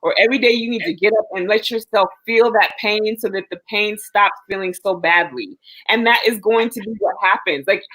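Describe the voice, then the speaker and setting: A woman's voice: mid-range voice, brisk, hardly any pauses, fairly bright tone, low-quality recording. Earnest woman reassuring a friend. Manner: earnest, reassuring, talks at length. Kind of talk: casual supportive chat.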